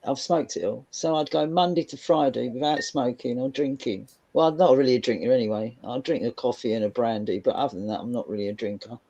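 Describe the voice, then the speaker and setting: A woman's voice: low-pitched, warm tone. A woman from London with a Cockney accent, chatting casually and telling frank stories with frequent laughs. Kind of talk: casual group chat.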